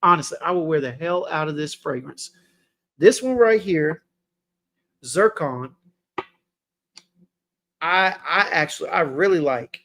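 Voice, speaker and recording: A man's voice: fairly high pitch, expressive, unhurried, pauses often, a bit bright. A laid-back man hosting a casual livestream fragrance review, chatting with his viewers in slang. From Texas.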